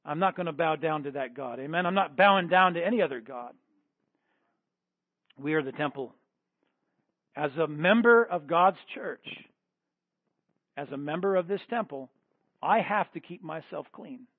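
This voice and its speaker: A man with a high voice preaches fervently, his repeated calls swinging from ringing bursts to hushed pleading prayer. The sound is dry and narrow, like a phone line. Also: animated, normal speed, pauses often, no echo. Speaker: pastor. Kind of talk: sermon with altar-call prayer. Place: church service.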